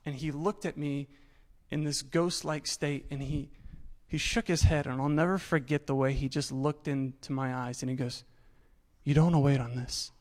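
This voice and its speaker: Guy telling his own story on stage, kinda high voice, candid, jokes at himself, does the voices of people he quotes. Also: fairly even intonation, moderate pace, poor audio. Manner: candid, self-deprecating, acts out dialogue. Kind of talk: personal storytelling talk on stage.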